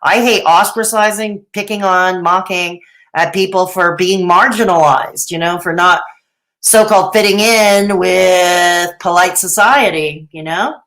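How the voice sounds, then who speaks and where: A woman's voice: fairly low pitch, a little slow, a bit bright. Sarcastic woman hosting a stream. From Canada. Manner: sarcastic, chatty, laughs often. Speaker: commentary livestream host. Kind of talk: live stream reading chat aloud.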